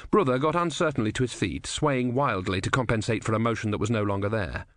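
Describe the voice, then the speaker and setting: A man narrating an audiobook in a steady, even storytelling manner. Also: fairly low pitch, fast talker, no echo, clean studio sound. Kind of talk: scripted narration.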